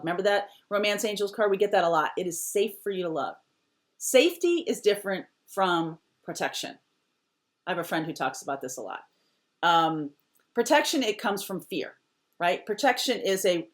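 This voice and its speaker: A woman's voice: fairly low pitch, expressive, normal speed. A woman giving a casual tarot reading to camera, emphatic and repeating short firm phrases, sometimes dropping almost to a whisper. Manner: drops to a near whisper at times. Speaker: tarot reader.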